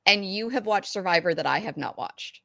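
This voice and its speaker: A woman who is a guest on a podcast, talking in a measured, explanatory way in a casual chat. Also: medium pitch, animated, vocal fry, a bit bright, no room sound, clean studio sound.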